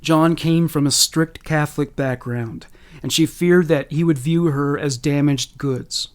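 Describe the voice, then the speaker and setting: A man giving scripted narration in a measured, serious way. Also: on the high side, steady tone.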